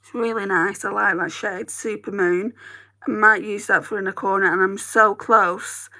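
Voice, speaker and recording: A woman's voice: medium pitch, fairly even intonation, moderate pace, sharp tone. A woman with a northern English accent, a beauty vlogger chatting casually to viewers while she does her makeup. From northern England. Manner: chatty, rambling, talks to viewers.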